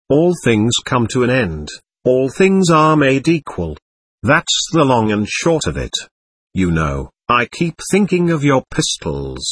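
A man voicing an excitable, melancholy young man who rambles through toasts and gloom. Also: mid-range voice, breathy edge, no room sound, full character voice.

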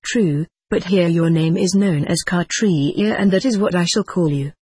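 A woman puts on a cheerful male crewman aboard a starship, amused and emphatic in a spoken story. The tone is a little breathy. It sounds close and dry, with no room around it. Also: fairly low pitch, normal speed, mellow, no echo. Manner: emphatic, commanding.

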